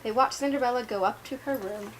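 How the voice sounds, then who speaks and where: A woman's voice: a little high, quick pace, noisy background. A young woman reading a children's storybook aloud at home, giggly and playful. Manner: giggly, breaks off to laugh and banter.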